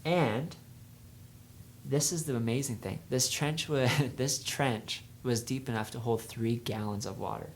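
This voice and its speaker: A man's voice: medium pitch, a little hiss or hum. Young male youth speaker, casual storytelling sermon, energy rising and dropping. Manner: conversational storytelling, swings from energetic to hushed.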